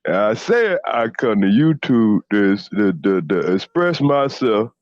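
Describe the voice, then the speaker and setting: A man's voice: lowish voice, big pitch swings, a little slow, no echo, dull audio. A man impersonating a boastful, arrogant former basketball star in a comedic rant, swearing and stumbling over repeated restarts. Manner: profane bragging, stammered restarts.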